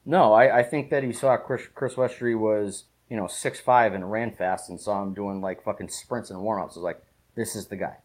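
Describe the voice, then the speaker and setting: A man telling stories in a casual podcast chat, swearing freely and talking rapidly. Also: lowish voice, fairly even intonation, poor audio. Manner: rapid, profane storytelling. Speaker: podcast co-host.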